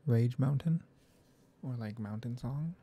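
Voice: medium pitch, measured pace, dark tone, slightly rough. A gaming video creator thinks aloud while playing, rambling and often sliding into half-whispered muttering. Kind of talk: soft-spoken gaming commentary.

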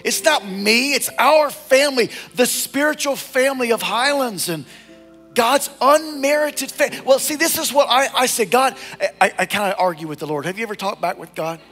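A middle-aged man, a lead pastor preaching a sermon in an animated, exhorting way with repeated call-outs to the congregation. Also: very high-pitched, moderate pace, soft background music.

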